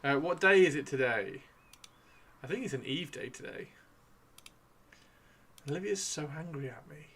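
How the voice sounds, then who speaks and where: A man's voice: on the high side, lively intonation, normal speed, long pauses, fairly bright tone, a little hiss or hum. A man chatting casually on a live stream while painting miniatures, rambling and playfully teasing his chat.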